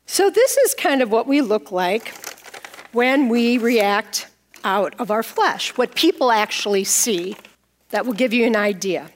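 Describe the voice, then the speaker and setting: A woman's voice: a little high, animated, unhurried, a little hiss or hum. A middle-aged woman pastor giving a sermon with props and a personal story, playful and laughing at herself.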